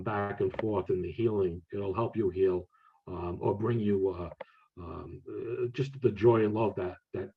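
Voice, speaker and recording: A man, a medium and author, chatting casually and answering audience questions, with relaxed speech full of fillers and restarts. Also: on the low side, slight background noise. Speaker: medium and author, guest speaker. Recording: tinny phone-like audio.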